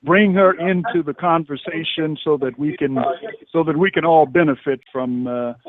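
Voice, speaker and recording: A man hosting a radio interview, speaking haltingly with many fillers. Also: fairly high pitch, crowd noise. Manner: halting, warm, hesitant with fillers. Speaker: radio host. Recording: tinny phone-like line, dry.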